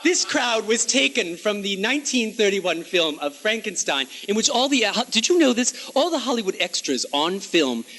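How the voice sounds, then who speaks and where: A man's voice: sits high, big pitch swings, moderate pace, hardly any pauses, fairly bright tone. A man hosting a comedy show, delivering a campy monologue in a grand, haughty, mock-aristocratic manner with affected French touches. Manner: sprinkles in affected French phrases. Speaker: host of a comedy cable show.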